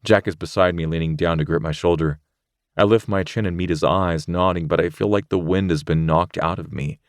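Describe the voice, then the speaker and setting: A man's voice: deep voice, steady tone, fairly quick, dry recording, studio quality. A man narrating a romance audiobook in the first person, in a tense, emotional delivery.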